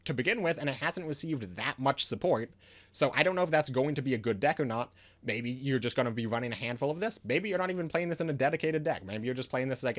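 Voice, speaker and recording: A man's voice: medium pitch, a bit bright. Frustrated man ranting about card design. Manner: frustrated ranting, many restarts. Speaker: card game reviewer. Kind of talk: casual video commentary.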